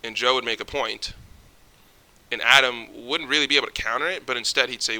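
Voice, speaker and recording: Young guy ranting to the camera, super bright edgy voice, jittery, trips over his words, swears a lot. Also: mid-range voice, steady tone, brisk. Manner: swears often, rambling restarts. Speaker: vlogger. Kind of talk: casual ranting monologue.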